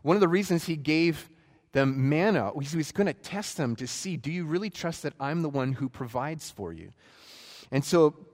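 A man's voice: a little high, moderate pace. Man preaching in a reverberant hall. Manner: animated storytelling with acted quotes. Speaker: pastor. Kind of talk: sermon.

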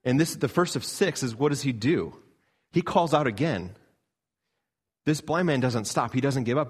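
A man, a pastor from Canada, preaching a sermon in an earnest style, rising to emphatic peaks and dropping low. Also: expressive, moderate pace, breathy edge.

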